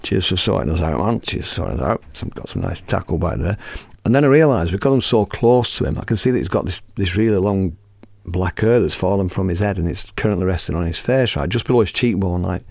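A man in his fifties hosting a podcast, telling a story in a lively, casual way, acting out the scene and swearing freely. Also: sits low, a little fast, dry recording, clean studio sound. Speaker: podcast host and musician.

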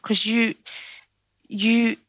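A woman with a Scouse accent, a poet talking in a casual interview and telling her stories in a chatty, animated way. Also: on the high side, no echo. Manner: animated, chatty storytelling with quick asides. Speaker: poet, guest.

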